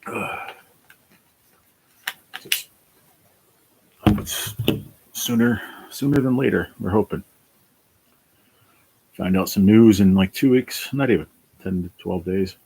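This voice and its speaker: Tired low-voiced New man. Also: slow pace, creaky, pauses often, darkish tone, breathy edge. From New Jersey. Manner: tired, sighing, swears casually. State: worn out. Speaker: livestream host reading chat. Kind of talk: casual livestream chat.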